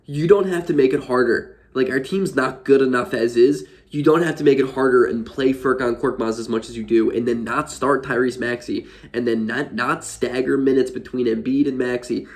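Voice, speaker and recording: A young man vlogging casual sports commentary, frustrated and exasperated, rambling with lots of fillers. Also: medium pitch.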